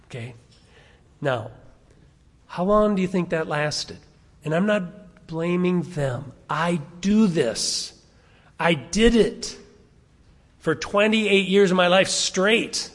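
A man's voice: high voice, animated, slow, pauses often. A middle-aged man preaching a sermon to a congregation, asking them questions and having them turn to verses. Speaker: pastor. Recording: long hall reverb.

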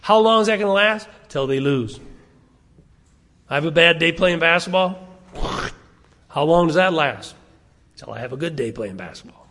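High-voiced man preaching in a reverberant hall. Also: animated, moderate pace, long pauses, a bit bright. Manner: questions the listeners and has them turn to verses. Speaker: pastor. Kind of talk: sermon.

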